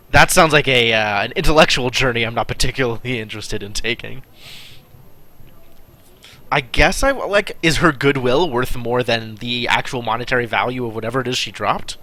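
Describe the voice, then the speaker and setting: A man's voice: medium pitch, pushed and bright. A man streaming a text adventure game, reading the story aloud and adding wry, chatty asides. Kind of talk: live game play with narration.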